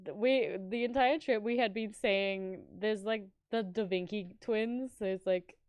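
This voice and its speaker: A woman's voice: a little slow, clear, resonant tone, dry recording. A young woman telling a travel story in casual stream chat, swearing often and acting out what people said. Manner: animated, swears a lot, acts out quotes in higher voices.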